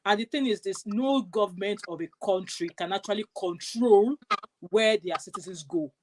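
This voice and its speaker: A woman's voice: mid-range voice, normal speed, noisy background. A woman from Nigeria with a Nigerian accent, ranting emphatically and repetitively on a live stream. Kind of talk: impassioned live stream talk. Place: United Kingdom.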